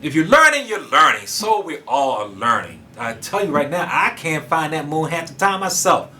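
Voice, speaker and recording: High bright fervent male preacher. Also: very animated, normal speed, slight background noise. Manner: fervent, rising to loud emphatic preaching; casual colloquial speech, addresses audience directly. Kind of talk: sermon.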